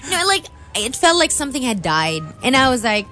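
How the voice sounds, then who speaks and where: Woman, casual chat, high voice, bright tone, animated storyteller. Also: brisk, soft background music. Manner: animated storyteller, laughs often, acts out her own thoughts. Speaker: podcast co-host.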